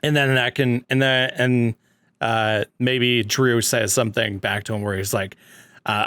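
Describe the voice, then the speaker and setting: A man's voice: medium pitch, fairly even intonation, moderate pace, a bit bright, no echo. A man co-hosts a casual chat, rambling through ideas and laughing along the way. His voice sits in the middle range and is recorded close and dry. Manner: rambling, laughing, brainstorming storylines. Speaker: podcast co-host.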